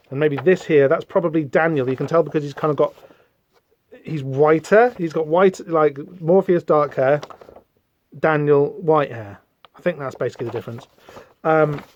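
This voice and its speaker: A man's voice: on the high side, dry recording, lo-fi sound. A man hosting a podcast, chatting casually through a comic book with rambling, wry asides. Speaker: podcast host.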